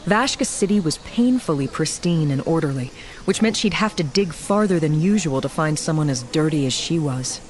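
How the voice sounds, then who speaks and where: Audiobook narrator, scripted narration, measured, mid-pitched. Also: animated.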